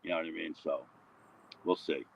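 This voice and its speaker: A man's voice: a bass voice, fairly even intonation, brisk, creaky, lo-fi sound, slight background noise. A man rambling through a casual livestream chat, often tagging on "you know what I mean".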